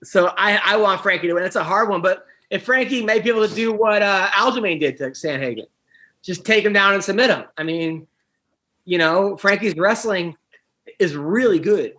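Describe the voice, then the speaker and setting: A man who coaches wrestling, co-hosting a casual podcast chat in a rambling way that gets animated when he is annoyed. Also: high voice, normal speed. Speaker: podcast co-host.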